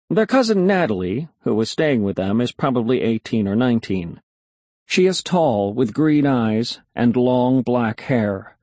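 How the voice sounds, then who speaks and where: A man's voice: mid-range voice, darkish tone, dry recording. A man reading a children's story aloud in the first person, expressively. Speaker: audiobook narrator.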